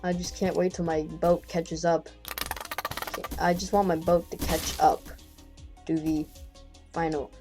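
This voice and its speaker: A man giving casual, excitable gameplay commentary, joking around and often repeating or restarting his phrases. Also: fairly high pitch, a little slow, pauses often, over music.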